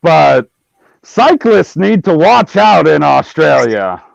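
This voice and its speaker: Male co-host, high gravelly voice, unhurried, dry muffled recording. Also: very animated, no echo. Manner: joking, wry asides. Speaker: podcast co-host. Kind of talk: casual chat. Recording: dull lo-fi sound.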